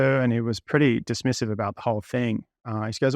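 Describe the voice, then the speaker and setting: A man's voice: medium pitch, fairly even intonation, fast, creaky, few pauses, darkish tone, no room sound, studio quality. A man in his thirties, a property investor, candidly recounting past conversations at length in an interview. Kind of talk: interview storytelling.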